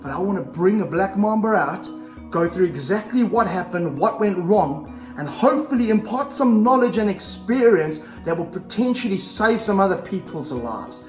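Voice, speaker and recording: A middle-aged snake handler and vlog host talks casually to camera while wrangling a snake indoors, his high voice at normal speed, energetic and breathless as he coaxes it between explanations. The echoey room has slippery floors, his voice sounds a bit far from the mic, and faint music plays behind.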